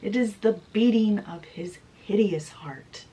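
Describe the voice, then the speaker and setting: A woman voicing a frantic, guilt-crazed male murderer who panics and shouts a confession. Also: medium pitch, unhurried, breathy edge.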